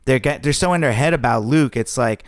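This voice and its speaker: A man's voice: medium pitch, brisk, no echo, clean studio sound. A man co-hosting a podcast in casual chat, laid-back and filler-heavy. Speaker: podcast co-host.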